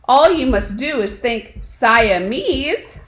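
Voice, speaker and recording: A firm, scolding mother cat, as a woman voices her in a storybook reading, stern but coaxing. The voice rides a bit high with lively swings and slow, deliberate delivery. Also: roomy sound.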